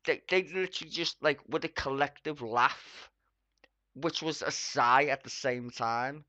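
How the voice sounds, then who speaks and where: A streamer delivering an angry, profane reaction rant at their computer, swearing constantly and breaking into loud outbursts. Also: medium pitch, normal speed, dry recording, lo-fi sound. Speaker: streamer reacting to a debate clip. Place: at a home computer.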